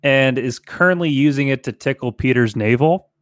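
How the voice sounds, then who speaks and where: A man's voice: medium pitch, no room sound, clean studio sound. A man co-hosting a podcast, chatting casually and jokingly as he reads fan fiction aloud. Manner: joking, breaks into laughter and quick put-on voices. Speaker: podcast co-host.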